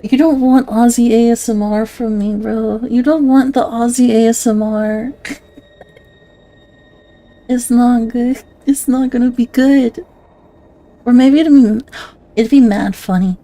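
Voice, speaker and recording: A woman's voice: on the high side, fairly even intonation, unhurried, long pauses, warm tone. A woman streamer chatting casually on a live stream, giggling often, self-conscious and swearing a lot.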